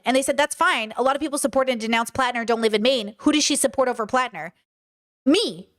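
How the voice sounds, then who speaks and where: A woman hosting a livestream, reading chat comments aloud and answering them bluntly, with frequent swearing and exasperation. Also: high voice. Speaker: livestream host.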